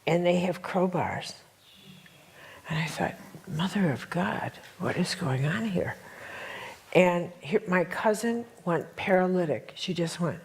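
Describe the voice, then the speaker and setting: A woman's voice: on the low side, slow pace, breathy edge. Emphatic woman telling a story. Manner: animated, emphatic storytelling with repetitions. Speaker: workshop teacher. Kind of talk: storytelling talk to a workshop audience.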